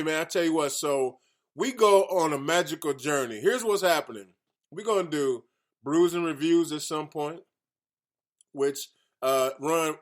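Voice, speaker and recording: Male radio host, lively swinging pitch, a touch high, boisterous banter. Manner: boisterous, joking, repeats phrases.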